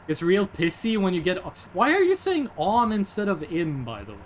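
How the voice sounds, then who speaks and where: A man's voice: sits high, very animated, moderate pace, few pauses, slight background noise. A young man, streaming casually in a rambling, jokey way and answering chat. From Norway.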